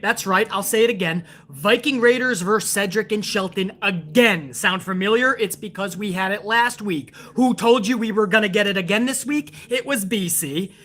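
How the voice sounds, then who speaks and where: A man with a bright, forward voice rants through a casual live stream, profane and exasperated. He mocks what he watched and swears freely, talking straight into a desk mic. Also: sits high. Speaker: wrestling show reviewer, live streamer.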